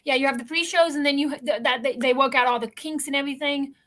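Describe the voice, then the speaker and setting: A woman co-hosting a casual podcast chat, talking in quick, chatty asides. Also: high voice, steady tone, fairly bright tone, slight background noise. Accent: non-local accent that others remark on. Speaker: co-host.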